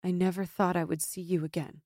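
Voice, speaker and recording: A young, uneasy soldier, as a woman narrator plays him who talks low and hesitantly. The voice is quiet and sits low, and the sound is dry. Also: little pitch movement, brisk, no echo.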